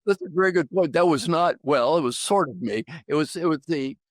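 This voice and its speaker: A man's voice: a little high, expressive, fairly quick, no room sound, studio quality. An older man, an executive coach on a podcast, talking emphatically and repeating phrases for effect. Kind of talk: animated conversational storytelling.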